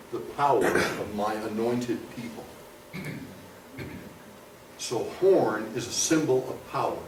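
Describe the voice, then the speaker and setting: A man teaching a church Bible class, mixing scripture reading with funny personal stories. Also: mid-range voice. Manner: animated, humorous storyteller. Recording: echoey room, distant mic, background noise.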